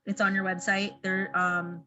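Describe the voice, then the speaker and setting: A woman's voice: medium pitch, flat delivery, unhurried, sharp tone, lo-fi sound. A woman hosting a group video call, chatting loosely and often correcting herself. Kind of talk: casual chat on a video call.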